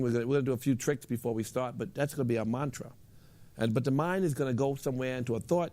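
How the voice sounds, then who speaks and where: Gravelly-voiced man leading meditation. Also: medium pitch. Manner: gently instructive, repeats phrases. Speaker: meditation teacher and show guest. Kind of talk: casual talk, then guided meditation.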